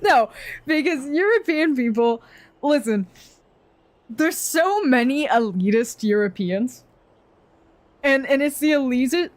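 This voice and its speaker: A woman's voice: on the high side, darkish tone. A young woman streamer chatting casually, ranting in a rambling, profane way with frequent laughs.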